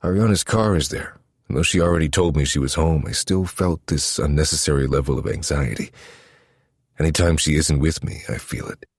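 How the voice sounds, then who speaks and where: A man narrating a first-person romance story in a low, intimate, steady manner. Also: a little fast, slightly rough, no room sound, clean studio sound. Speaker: audiobook narrator.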